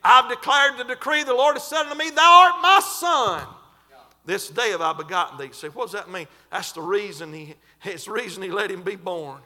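A man preaches a sermon in a bright, high voice. He talks folksy and fervent, his pitch leaping around as he draws out scripture lines. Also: lively intonation, brisk, hardly any pauses. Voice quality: folksy, colloquial.

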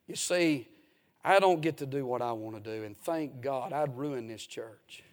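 A man preaching a folksy, emphatic sermon as a pastor in a church. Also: mid-range voice.

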